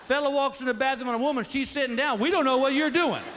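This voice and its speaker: A middle-aged man doing stand-up comedy, telling stories in an animated, exasperated way and slipping into put-on voices. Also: very high voice, fast. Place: comedy stage before a live audience. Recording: live show with loud crowd noise.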